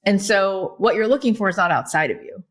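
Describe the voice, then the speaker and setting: A woman guest on a podcast, telling stories in a lively, chatty way, full of "like" and "right?". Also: mid-range voice, brisk. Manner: animated storyteller, many fillers like "like" and "right?". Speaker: guest, author and podcast host. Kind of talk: casual podcast conversation.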